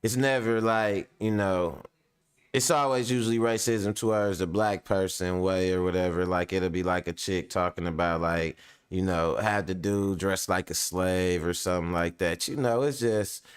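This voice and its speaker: A man's voice: deep voice, fairly even intonation, moderate pace, clear, resonant tone. A man hosting casual reaction commentary, telling stories in loose slang with many fillers. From Kenya. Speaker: commentary host.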